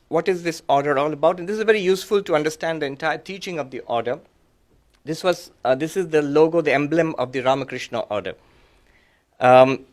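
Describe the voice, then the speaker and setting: A man who is a monk, giving a reflective, conversational talk to an audience with many fillers and restarts, and explaining ideas patiently step by step. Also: on the high side.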